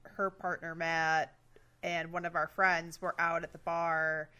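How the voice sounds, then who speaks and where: A woman's voice: low-pitched, a little slow, smooth. A woman co-hosting a podcast, chatting casually and laughing as she tells a story and asks questions. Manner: relaxed storyteller, laughs mid-sentence. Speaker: podcast co-host. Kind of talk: casual interview chat.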